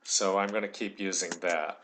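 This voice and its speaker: A man's voice: sits low, steady tone, moderate pace, fairly bright tone, a little hiss or hum. A man giving a recorded tutorial, thinking aloud as he works and dictating punctuation marks. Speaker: tutorial instructor.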